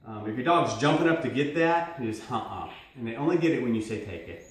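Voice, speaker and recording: A man teaching dog training in a casual, rambling way, switching into high excited praise for the dog. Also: fast talker. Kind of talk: casual hands-on instruction. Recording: very echoey room, mic at a distance.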